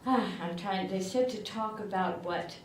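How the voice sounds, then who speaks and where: A woman's voice: medium pitch, a little slow. Chatty older woman in an echoey hall. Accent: rural southern Illinois. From southern Illinois. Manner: chatty, self-deprecating, laughs often. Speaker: award recipient. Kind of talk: acceptance speech. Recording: echoey room from far off, background noise.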